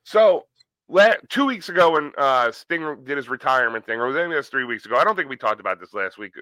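Bright-voiced man chatting on a podcast. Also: mid-range voice, expressive, fast talker, no room sound, low-quality recording. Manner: profane, joking wrestling talk. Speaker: podcast co-host. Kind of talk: casual chat.

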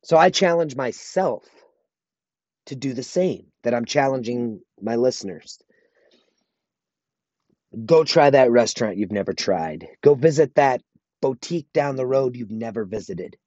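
A man's voice: mid-range voice, lively intonation, measured pace, long pauses, darkish tone, no room sound, muffled recording. A married man hosting his own podcast alone, talking earnestly and motivationally, repeating phrases for emphasis. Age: adult, married. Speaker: podcast host. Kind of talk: solo podcast monologue.

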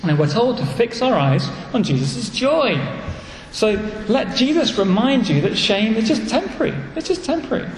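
A man with an English accent preaching a sermon as a pastor, earnest and animated, repeating key phrases. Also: high-pitched, moderate pace, slight background noise. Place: church. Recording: echoey church hall, faint ambience.

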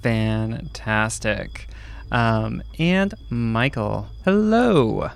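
A man's voice: medium pitch, lively intonation, extremely slow, gravelly. A man hosting a tabletop game podcast as game master, talking with frequent ums and uhs. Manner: hesitant, many ums and uhs. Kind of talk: casual podcast chat.

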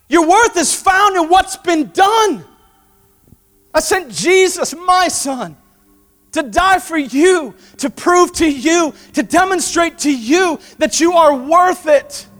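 A man shouting out God as a loving father, cheering from the sidelines in a very high, ringing voice. The shouts trail off into the long reverb of a church hall. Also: expressive, slow, full character voice. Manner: shouting encouragement.

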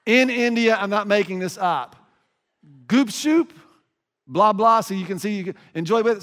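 An American man delivers a sermon as a lively story, his voice pitched fairly high for a man. He talks with emphasis and keeps stumbling into restarts. A long hall reverb trails his words. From United States. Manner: animated, emphatic, many restarts.

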